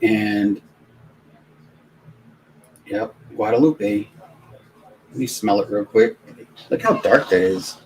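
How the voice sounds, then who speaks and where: A man's voice: lowish voice, slow, pauses often, slight background noise, rough recording. Rambling man telling a story on stream. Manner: rambling, animated anecdotes with many restarts. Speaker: live stream host. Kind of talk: casual storytelling on a live watch-along stream.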